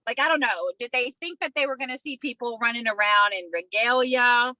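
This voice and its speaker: A woman casually telling a story on a podcast, animated and profane, acting out the people in it. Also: fairly high pitch, brisk, dry recording, rough recording.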